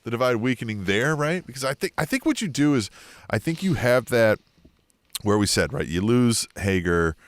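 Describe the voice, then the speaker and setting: A man co-hosting a podcast in casual chat, talking in an animated, profane way and often checking in with "right?". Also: medium pitch, normal speed, dry recording. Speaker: podcast co-host.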